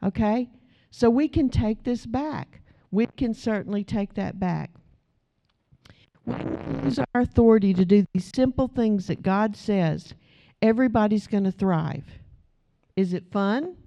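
Middle-aged lady preacher, warm mellow tone, kinda muffled lo-fi recording. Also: medium pitch, unhurried, gravelly. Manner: conversational, asks the audience questions. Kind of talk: sermon.

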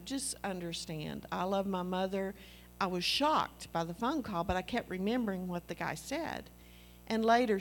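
A woman's voice: mid-range voice, a little hiss or hum. A woman, preaching a sermon in an earnest, conversational way and telling personal stories.

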